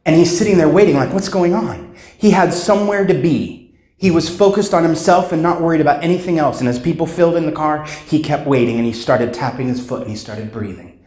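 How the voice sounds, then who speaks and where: Keynote speaker, male, slightly high voice, dramatic storyteller, echoey hall. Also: a little mellow. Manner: dramatic storyteller, acts out sounds and voices, slows for emphasis. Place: conference hall.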